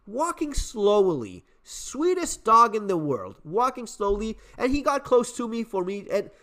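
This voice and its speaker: A middle-aged man telling a casual story on his channel in an animated way, swearing, repeating words and restarting his sentences. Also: sits high, measured pace. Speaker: survival channel host.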